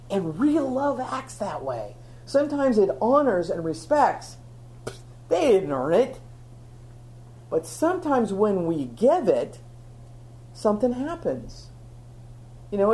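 A woman's voice: medium pitch, expressive, measured pace, dark tone. A woman teaching a Bible lesson in an earnest, conversational sermon style, often restarting her phrases.

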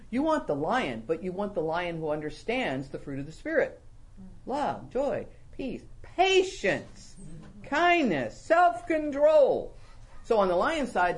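Animated, self-mocking woman host. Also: medium pitch. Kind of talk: casual faith-based talk show chat.

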